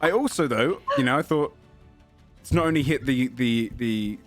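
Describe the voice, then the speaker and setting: A man's voice: mid-range voice, normal speed, soft background music. A man hosting a tabletop game stream, joking and self-mocking, then reading a sponsor spot. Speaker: game master and show host. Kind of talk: casual chat and sponsor read.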